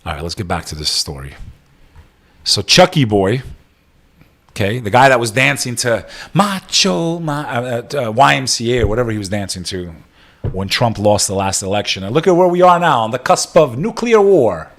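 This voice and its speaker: A man's voice: medium pitch, animated, normal speed, a bit bright. A man, hosting a news reaction podcast, reading headlines aloud and breaking into profane, sarcastic rants.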